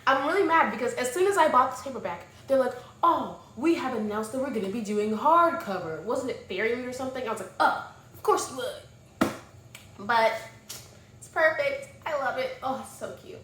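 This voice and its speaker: A young woman reviewing books in a casual chat, gushing and animated, dropping to soft murmurs and rising to loud exclamations. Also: fairly high pitch, fairly quick. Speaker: book vlogger. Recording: echoey room with faint noise.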